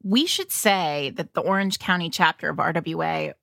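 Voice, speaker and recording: A woman's voice: deep voice, normal speed, gravelly, a bit bright, no room sound, studio quality. A woman hosting a podcast interview, adding context and reacting to her guest. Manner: engaged, adds context. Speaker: podcast host. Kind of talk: interview chat.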